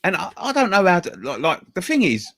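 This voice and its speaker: Bloke telling a story on a fan show, lots of swearing and stammering, very lively voice, dry sound. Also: male voice, high-pitched, brisk, no room sound. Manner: animated storyteller, stammers and repeats words, swears freely; acts out other people's lines in a raised voice. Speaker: show co-host. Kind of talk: casual pub-style chat, telling a story.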